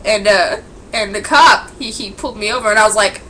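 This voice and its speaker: A woman vlogger telling a rambling made-up story, acting out the quotes with loud outbursts. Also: mid-range voice, brisk, a little hiss or hum, rough recording.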